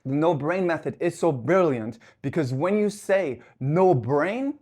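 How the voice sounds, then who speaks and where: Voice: medium pitch, lively intonation, measured pace, darkish tone. A life coach giving an intense, emphatic motivational podcast talk while working out, swearing for emphasis. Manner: talks while working out at the gym.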